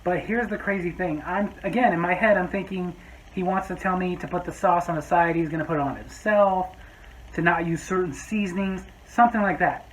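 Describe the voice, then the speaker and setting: A man's voice: high voice, brisk, slight background noise, poor audio. A man telling a story from his restaurant job in a vlog, with sarcastic, exasperated asides. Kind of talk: storytime monologue.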